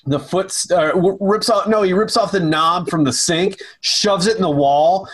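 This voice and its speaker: Male co-host with a fairly high voice, rambles and trips over words. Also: normal speed, husky. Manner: rambling, stumbling storyteller. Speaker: podcast co-host. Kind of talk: casual comedy chat.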